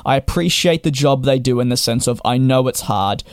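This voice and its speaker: A man's voice: medium pitch, normal speed, clean tone, no echo. Exasperated young man, dry sound. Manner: exasperated storytelling, emphatic. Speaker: travel vlogger. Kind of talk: casual monologue to camera.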